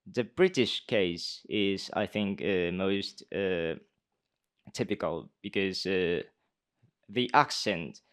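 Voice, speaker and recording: A young man, a speech contestant answering judges' questions in English off the cuff, pausing often with uh and um and restarting his sentences. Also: low-pitched, smooth. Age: young adult. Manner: hesitant, many uh and um fillers, restarts. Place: conference hall.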